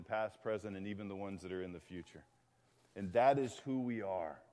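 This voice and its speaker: A man's voice: mid-range voice, a little mellow. Conversational male pastor in a reverberant hall. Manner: conversational, with frequent restarts and asides. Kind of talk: sermon. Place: church sanctuary. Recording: long reverb of a large hall.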